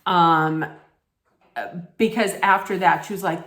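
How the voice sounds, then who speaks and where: A woman's voice: fairly low pitch, steady tone, unhurried, fairly bright tone. A woman ranting in a casual recap vlog, blunt, scolding and full of profanity. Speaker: reality TV recap vlogger. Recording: echoey room.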